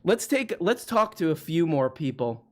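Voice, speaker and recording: A man's voice: a little high, sing-song, normal speed, over music. A man hosting a live stream, chatting casually and jokingly with a caller, with lots of restarts. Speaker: livestream host.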